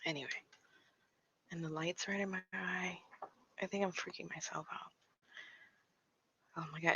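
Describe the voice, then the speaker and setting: A woman's voice: low-pitched, level tone, unhurried, long pauses, bright, forceful tone, slightly rough, no room sound. A young woman from Pennsylvania telling a ghost story in a casual, nervous way, laughing often and dropping into whispers. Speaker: paranormal vlogger. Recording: slightly dull lo-fi sound.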